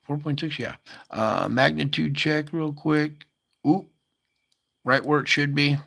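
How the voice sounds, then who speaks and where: In a slightly high, creaky, somewhat bright voice, a man unhurriedly hosts a casual earthquake update. His screen-share commentary wanders over maps as he thinks aloud, padded with fillers and asides.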